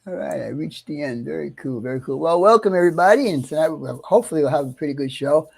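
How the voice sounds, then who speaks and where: A middle-aged American man hosting a casual livestream, chatty and easygoing, greeting viewers one by one and clearing his throat often. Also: a little high, expressive, fast talker. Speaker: livestream host.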